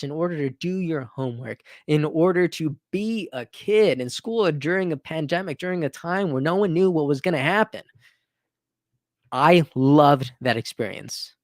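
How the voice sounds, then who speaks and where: With a slightly high voice, a livestream host in his thirties answers questions from his audience in a casual, enthusiastic, earnest way. Phrases often get restarted, and "right?" pops up regularly. The audio is studio quality with no room sound.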